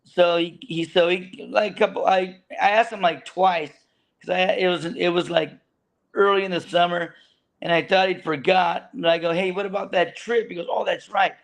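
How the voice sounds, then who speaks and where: A man's voice: high-pitched, steady tone, normal speed, gravelly. A man telling a long, rambling story about his fishing boat days, full of restarts and laughter. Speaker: guest, veteran fishing boat deckhand. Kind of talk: casual storytelling chat.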